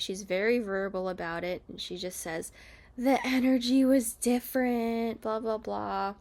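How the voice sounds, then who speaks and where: A young woman on her bed at home, casually chatting and recapping a reality show, often acting out quotes in different voices. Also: medium pitch. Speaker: YouTuber reviewing a reality show. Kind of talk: casual chat.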